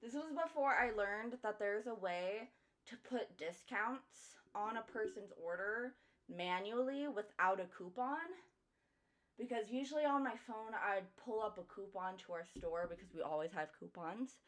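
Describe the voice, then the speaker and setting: A woman's voice: medium pitch, moderate pace, fairly bright tone. A young woman streamer chatting casually while she draws, telling a work story with frequent swearing and laughter. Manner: chatty, swears often, laughs between lines. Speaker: streamer and artist.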